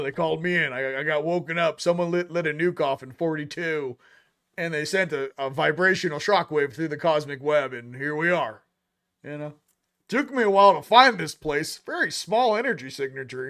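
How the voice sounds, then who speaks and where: A man's voice: on the high side, vocal fry, pushed and bright. A man hosting a casual spiritual card reading, joking and slangy with frequent laughs. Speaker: host of a spiritual reading show.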